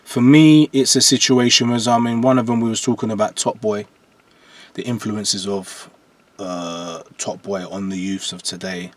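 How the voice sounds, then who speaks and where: This podcast guest, a jungle MC in his forties, speaks at normal speed in a voice on the low side. His storytelling is animated, punctuated by frequent checks of "do you understand."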